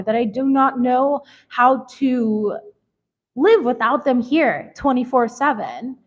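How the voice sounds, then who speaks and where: A woman in her thirties giving a casual tarot reading, candid and emphatic, swearing freely and calling her viewers baby. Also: fairly high pitch. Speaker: tarot reader.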